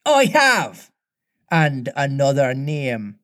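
A man's voice: mid-range voice, huge pitch swings, extremely slow, a bit bright, full character voice. A man reading aloud voices a mischievous boy who mockingly imitates a pirate captain, playful and taunting.

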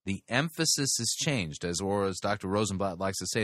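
This is a man hosting a commentary show, picking apart a sermon in a deliberate, critical way. His voice is on the low side but bright and forceful, and he stresses single words. The recording is dry, with no room sound. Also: animated, no room sound. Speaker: podcast host critiquing a sermon.

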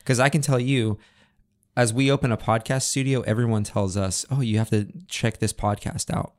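A man's voice: medium pitch, steady tone, normal speed. A man hosting a casual podcast interview in a studio, joking and playfully sarcastic. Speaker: podcast host.

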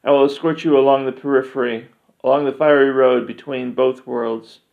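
A man voicing a male elf guide who speaks in a hurried, urgent way. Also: mid-range voice, steady tone, creaky, natural voice. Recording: dull lo-fi recording.

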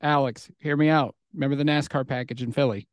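A man's voice: medium pitch, fairly even intonation, fast, no room sound, clean studio sound. A man co-hosting a podcast, breaking down sports with eager enthusiasm. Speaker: podcast co-host. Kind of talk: casual sports chat.

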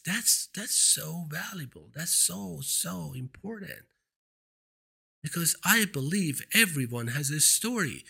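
Husky-voiced man with a foreign accent. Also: fairly high pitch, bright, forceful tone. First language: not English. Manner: earnest, emphatic, repeats points for stress. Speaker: talk show host. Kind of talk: motivational monologue. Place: seated indoors. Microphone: studio microphone.

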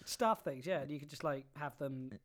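A woman's voice: low voice, normal speed. Giggly woman podcasting. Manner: giggly, reading out and teasing. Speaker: podcast co-host. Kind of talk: casual comedic chat.

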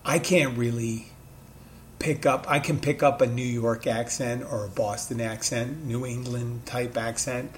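A man's voice: mid-range voice, fairly even intonation, a little slow, slight background noise. A man with a mid-Atlantic American accent touched by Philadelphia, talking casually and thinking aloud with frequent restarts. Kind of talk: casual monologue.

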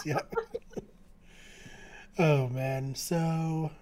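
A man's voice: a little high, a little slow, noisy background. A man co-hosting a podcast, casually recapping a TV episode, chatty, with lots of fillers and frequent laughter. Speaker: podcast co-host.

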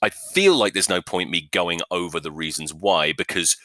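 Deep-voiced man ranting on a podcast. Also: moderate pace, sharp tone, no room sound. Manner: profane, joking, self-mocking, many restarts. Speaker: podcast host. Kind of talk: rambling comic rugby rant. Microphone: new podcast microphone.

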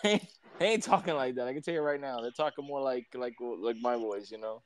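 A man's voice: mid-range voice, a little fast, a little hiss or hum. A man hosting a podcast in loose, profane, laughing banter. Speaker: podcast host. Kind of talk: casual chat.

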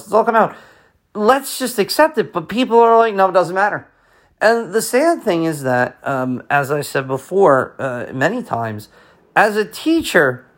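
A middle-aged American man who teaches, giving an impassioned, rambling opinion monologue full of restarts and fillers. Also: mid-range voice. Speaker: teacher and podcast host.

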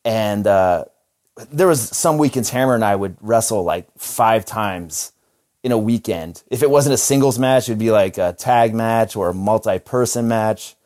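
A man's voice: lowish voice, unhurried, a little mellow. A man who is a former wrestler, hosting a casual podcast chat and telling stories full of swearing and laughter. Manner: profane, laughing storyteller.

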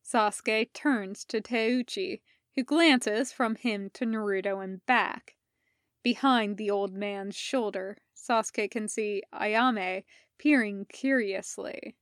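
Slow, measured woman reading a story. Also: mid-range voice, no room sound, studio quality. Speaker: podfic reader. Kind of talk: unhurried reading of fan fiction.

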